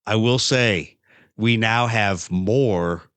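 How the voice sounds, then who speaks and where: A man's voice: on the low side, very slow, a bit bright, clear, resonant tone, dry recording. A man hosting a casual podcast chat, rambling and joking with plenty of fillers and restarts. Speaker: podcast host.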